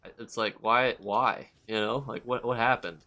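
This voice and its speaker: A man streaming a game live, chatting with viewers and reacting loudly and with swearing to the action. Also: mid-range voice, fairly even intonation, moderate pace. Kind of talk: live gameplay commentary.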